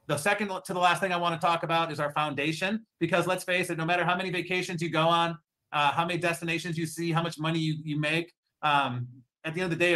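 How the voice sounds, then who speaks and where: A man giving an upbeat sales pitch to an audience, asking rhetorical questions. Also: bright, forceful tone. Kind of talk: sales presentation.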